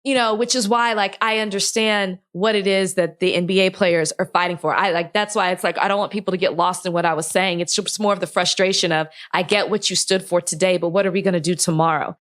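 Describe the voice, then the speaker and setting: A woman's voice: lowish voice, fairly even intonation, brisk, few pauses, fairly bright tone. A woman co-hosting a podcast, speaking with impassioned frustration and close to crying, with many restarts. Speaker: podcast co-host. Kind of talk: heated podcast conversation.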